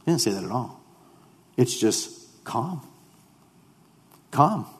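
A man preaching a sermon as pastor. He drops to hushed tones, then rises to loud, fervent declarations. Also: fairly low pitch, lively intonation, moderate pace, in a large hall.

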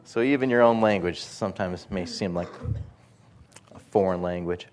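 A male preacher telling animated, self-mocking stories in a sermon, often breaking into voiced impressions. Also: low voice, moderate pace, some chatter behind. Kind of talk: storytelling sermon.

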